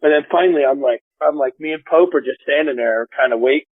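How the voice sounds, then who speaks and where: A man hosting a podcast, telling a story in a casual, profane, animated way and acting out the people he quotes. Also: on the high side, fast talker, no room sound. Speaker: podcast host. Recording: phone-line call audio.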